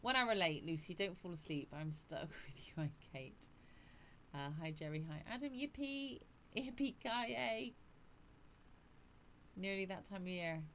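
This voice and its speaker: A woman with a slightly low voice, chatting breezily on a casual livestream. She greets viewers by name and laughs easily. A faint hum of noise sits behind her voice. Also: normal speed, fairly bright tone. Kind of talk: casual live chat reading out viewer comments.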